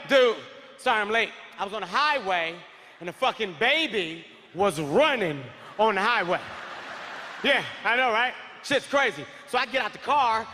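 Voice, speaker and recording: A man doing stand-up comedy, telling a wild story in a loud, animated, profane way, often shouting. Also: high-pitched, long reverb tail, slight background noise.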